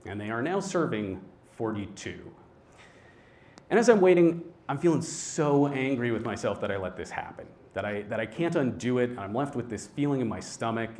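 A young man telling a personal story on stage, his delivery swinging between quiet and loud. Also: mid-range voice.

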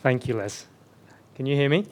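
A man's voice: medium pitch, expressive, moderate pace, slight background noise. A man from England with a lightly suppressed Birmingham accent, giving a chatty, self-deprecating sermon as a guest pastor on a headset mic. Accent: Birmingham, mostly suppressed. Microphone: headset mic slipping off.

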